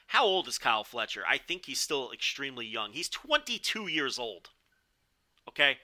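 Bright, rambling male wrestling reviewer. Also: medium pitch, sing-song, normal speed. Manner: rambling, conversational, swears. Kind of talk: casual podcast review.

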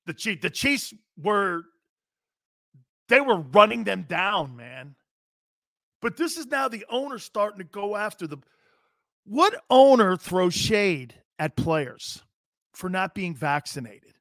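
A man's voice: high-pitched, dry recording, studio quality. A man hosting a sports talk show, ranting casually and brashly to his viewers. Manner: brash, animated, talks straight to viewers.

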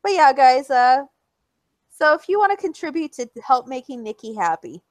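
A woman's voice: high-pitched, very animated, normal speed, no room sound, rough recording. A woman co-hosting a casual chat, bubbly and outspoken, who swears now and then and squeals when she quotes people. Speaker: podcast co-host.

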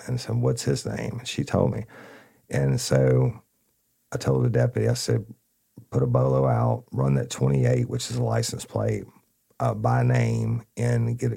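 A man who is a detective, recounting a case in a rambling, casual storytelling way, repeating words and calling listeners y'all. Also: dark tone. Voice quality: deep gravelly voice.

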